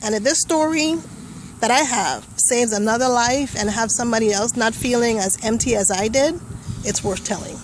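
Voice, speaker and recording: A woman's voice: on the high side, normal speed, noisy background. A young woman giving a personal testimonial, telling her story vividly and acting out the voices and thoughts she remembers. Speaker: testimonial speaker.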